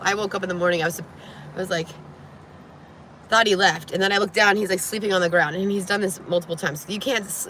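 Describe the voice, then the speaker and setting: A woman's voice: lowish voice, pushed and bright, slight background noise, poor audio. A woman vlogging in a casual, rambling way, telling a story to camera from inside her van, full of "like" and restarts.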